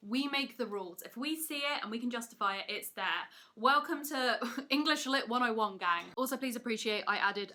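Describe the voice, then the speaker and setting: A woman holds forth from a rented room in an excitable, comedic rant. Her voice is bright and a little sharp. She talks fast, leans hard on her points and keeps turning the jokes back on herself. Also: on the high side. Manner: excitable, rapid, emphatic, self-mocking. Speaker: video essayist host. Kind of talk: energetic comedic rant to camera. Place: rented apartment room, indoors. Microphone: camera mic, seated in wheeled office chair.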